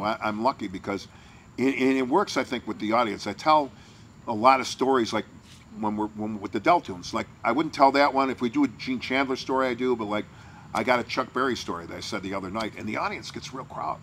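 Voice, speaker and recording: Radio DJ guest, gravelly and bright, lively storyteller who acts out quotes. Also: male voice, mid-range voice, a little fast, slight background noise. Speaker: radio morning DJ. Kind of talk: telling a backstage anecdote.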